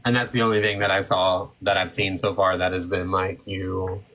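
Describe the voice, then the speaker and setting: A man's voice: low voice, little pitch movement, moderate pace, a bit bright, rough recording. A man hosting a live stream, talking bluntly and confronting his critics in casual chat.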